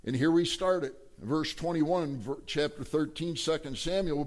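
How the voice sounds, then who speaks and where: A male pastor delivers a sermon in an animated storytelling style. His voice sits fairly high, and he throws rhetorical questions at the congregation. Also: moderate pace, few pauses.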